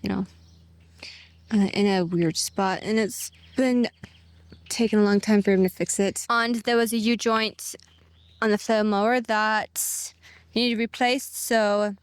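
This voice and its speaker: A woman's voice: mid-range voice, steady tone, a little slow, clean tone. A young woman chatting casually about farm work and broken equipment for her farm vlog, laughing often. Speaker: farm vlogger. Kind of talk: casual chat.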